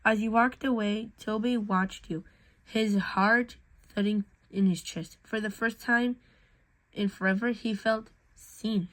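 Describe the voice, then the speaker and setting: A woman's voice: mid-range voice, steady tone, slow, a bit bright, poor audio. A woman reading a fan fiction story aloud in a casual way, with slips and restarts.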